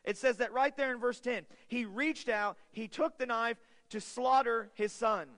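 High-voiced man preaching in a big hall. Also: unhurried. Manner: earnest, builds to loud urgent peaks then drops quiet. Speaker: pastor. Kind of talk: sermon. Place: church sanctuary. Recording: long hall reverb.

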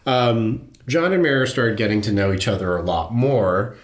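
A man with a lowish voice recounting a true-crime case for his podcast. He talks loosely and casually, scattering fillers and laughing easily. The recording has a noticeable roomy echo. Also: moderate pace. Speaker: podcast host.

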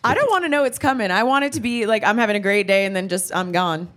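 A female comedian appearing as a podcast guest, answering in a quick, playful, chatty way. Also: mid-range voice, a bit bright. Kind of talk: casual comedic banter.

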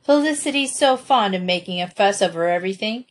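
A woman's voice: mid-range voice, expressive, brisk, lightly acted. A woman reading aloud and voicing a defiant, boastful farm boy who talks loftily. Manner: loud and lofty, then groaning.

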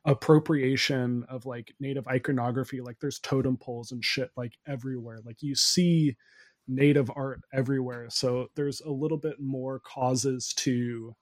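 A man from the Northwest, talking casually and haltingly with many "like" fillers. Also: mid-range voice, steady tone. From Pacific Northwest, USA. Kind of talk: casual podcast chat.

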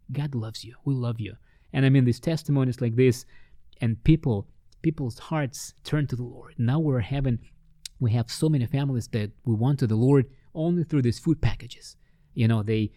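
A man telling ministry stories in an interview, with lively storytelling that acts out the voices of the people he met. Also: normal speed, dry recording, studio quality. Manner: animated, acts out quoted voices with big pitch jumps. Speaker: ministry worker.

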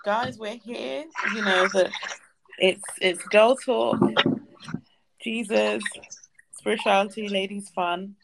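A woman's voice: mid-range voice, fairly even intonation, slow, gravelly, pauses often, a crowd in the background, low-quality recording. A woman hosting a casual chat show, gushing and often repeating her words. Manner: effusive, repeats herself. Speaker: host.

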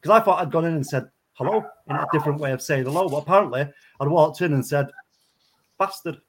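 A man on a casual podcast panel over a video call, laughing often and telling stories in an animated way. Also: fairly high pitch, very fast, a little hiss or hum. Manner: laughs a lot, animated storyteller. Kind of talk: casual chat, anecdote telling.

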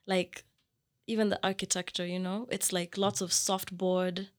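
A young woman from Kenya, chatting casually as a guest and telling animated stories full of fillers. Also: mid-range voice, unhurried. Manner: animated storyteller, filler-heavy. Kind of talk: casual chat.

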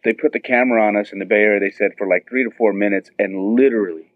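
A man in his thirties recounts a story with mounting excitement. His voice sits low but leaps up whenever he quotes someone. It comes through thin and dry, like a phone call. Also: quick pace, no echo. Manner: excited, acts out quotes with high squeals. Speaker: guest telling a story. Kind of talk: animated storytelling. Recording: tinny phone-line sound.

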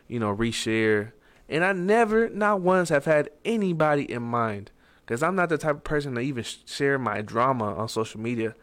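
A man delivering a blunt, preachy motivational monologue, cursing freely and jumping to loud emphatic peaks. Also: medium pitch.

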